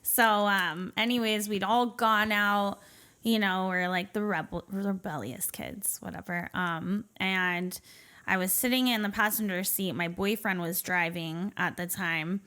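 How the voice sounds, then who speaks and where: A woman's voice: medium pitch, a little slow, sharp tone. Woman telling her story, filler-heavy speech. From Portland area, Oregon, USA. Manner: conversational, many fillers like "you know" and "um", light nervous laughs. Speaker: podcast guest. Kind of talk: candid personal storytelling in an interview.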